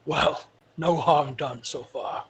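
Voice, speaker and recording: A man's voice: a little high, takes it slowly, a bit bright, husky, exaggerated voice. A man doing a courteous one-eyed old warrior king. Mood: polite.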